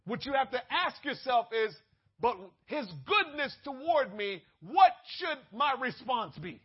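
A male preacher giving a sermon, swinging between loud exhortation and hushed asides, on a dull lo-fi recording. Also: extremely high pitch, measured pace, slightly rough.

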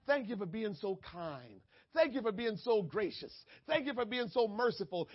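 Pastor, male, very high voice; sermon delivery that swings from hushed to shouting, muffled lo-fi sound. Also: very animated, moderate pace. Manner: preaching with big swings from soft asides to shouting.

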